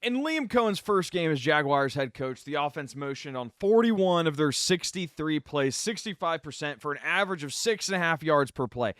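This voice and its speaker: Joking male co-host, high and lively, dry sound. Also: normal speed, hardly any pauses, no room sound. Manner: teasing, joking. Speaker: podcast co-host. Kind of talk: casual sports chat.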